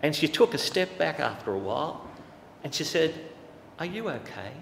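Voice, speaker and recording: A man preaching a sermon with great passion, swinging from loud declarations to hushed, quiet stretches. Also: fairly high pitch, big pitch swings, moderate pace, gravelly, a little hiss or hum. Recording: echoey hall with long reverb.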